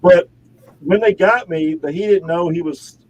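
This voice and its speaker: A man's voice: on the high side, unhurried, highs cut off, a little hiss or hum. A man, an actor and model, chatting as an interview guest in his home studio, rambling through stories with frequent laughs. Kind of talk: casual interview chat.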